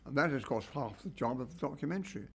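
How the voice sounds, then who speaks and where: A man's voice: medium pitch, lively intonation, quick pace, fairly bright tone, slightly rough. An older man telling a rambling anecdote about a documentary shoot, with wry asides. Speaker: documentary cameraman recalling a shoot. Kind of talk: anecdotal reminiscence.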